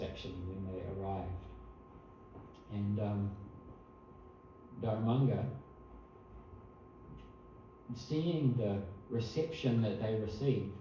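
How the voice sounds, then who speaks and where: A man's voice: on the low side, a little hiss or hum. Man telling a story in an echoey hall. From New Zealand. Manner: chatty, self-correcting, laughs softly at own asides. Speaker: storyteller at a temple program. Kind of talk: casual devotional storytelling. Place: temple hall. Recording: distant mic in very echoey room.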